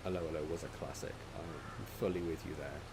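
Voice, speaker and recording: A man's voice: extremely low pitch, steady tone, brisk, gravelly. A man live-streaming a farming game, chatting casually and teasing his chat with wry asides. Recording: game vehicle noise behind voice.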